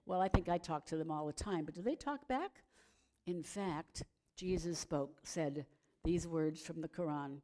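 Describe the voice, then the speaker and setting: A woman telling a gentle children's story at a worship service, pausing to ask the audience questions. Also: sits low.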